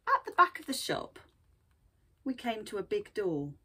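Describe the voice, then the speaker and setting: Breathy, gentle woman teaching children. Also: mid-range voice, sing-song, unhurried. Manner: gentle, encouraging, asks children questions. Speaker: art teacher. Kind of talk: reading a picture book aloud and guiding children's drawing.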